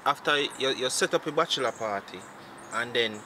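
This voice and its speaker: A man's voice: mid-range voice, normal speed, background noise, lightly acted. A man with a Jamaican accent playing a betrayed young man who confronts the people who deceived him. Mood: accusing. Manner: indignant, incredulous. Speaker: actor in a film. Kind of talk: low-budget film acting.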